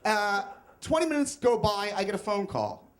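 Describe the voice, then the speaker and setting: A man's voice: high voice, expressive, moderate pace. A young man telling a comic, self-mocking personal story on stage at a live storytelling event.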